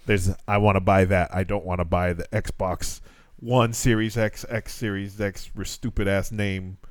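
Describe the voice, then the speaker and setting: A man's voice: low-pitched, flat delivery, a little slow, no room sound, clean studio sound. A young man co-hosting a podcast, joking and swearing through casual chat with his guests. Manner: joking, profane, laughs often. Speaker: podcast co-host.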